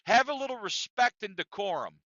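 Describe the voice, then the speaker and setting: A man's voice: high voice, lively intonation, fairly quick, bright, forceful tone, no echo, pitched above the performer's own voice. A man voicing a stern male boss firmly reprimanding a worker, in a dull lo-fi recording. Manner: firm, reprimanding.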